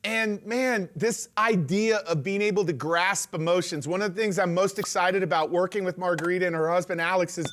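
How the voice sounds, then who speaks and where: A man's voice: high voice, steady tone, brisk, hardly any pauses, a bit bright, a little hiss or hum. A man hosting a live event, enthusiastic and encouraging toward his guest. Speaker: host.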